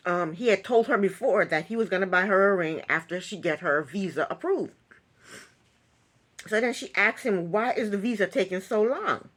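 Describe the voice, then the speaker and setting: A woman's voice: medium pitch, a bit bright. A woman talking through a reality TV episode recap in a casual, opinionated way, with many ums. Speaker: recap vlogger.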